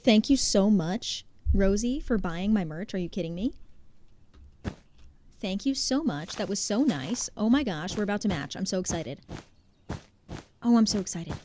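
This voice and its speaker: A young woman chatting casually while streaming a game, talking to her viewers in an animated, chatty way. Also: mid-range voice, normal speed, pauses often, slight background noise. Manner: chatty and animated, talks to chat. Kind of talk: casual gameplay commentary.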